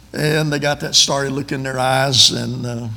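A man's voice: mid-range voice, vocal fry, bright, forceful tone, big-room sound. A man, preaching a sermon in a folksy, storytelling way with asides to the congregation.

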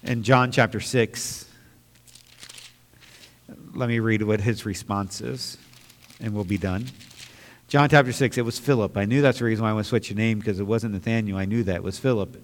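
A man's voice: lowish voice, steady tone, normal speed, pauses often. Earnest male preacher in a reverberant hall. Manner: earnest, rising to impassioned bursts. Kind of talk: sermon.

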